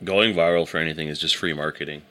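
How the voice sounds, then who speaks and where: A man's voice: rumbling low, steady tone, fast talker, sharp tone. A man co-hosting a podcast in casual chat. He is laid-back, laughs often and keeps hyping up his friend. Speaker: podcast co-host.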